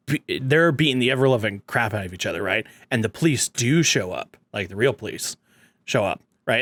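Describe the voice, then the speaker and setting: A man's voice: medium pitch, a bit bright, no echo. A man co-hosts a casual chat, rambling through ideas and laughing along the way. His voice sits in the middle range and is recorded close and dry. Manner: rambling, laughing, brainstorming storylines. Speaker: podcast co-host.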